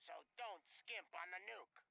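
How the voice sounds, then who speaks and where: A man's voice: sits high, measured pace, vocal fry, bright, forceful tone, exaggerated voice. A man voicing a sneering male gang boss villain in a video game, giving mocking, menacing orders.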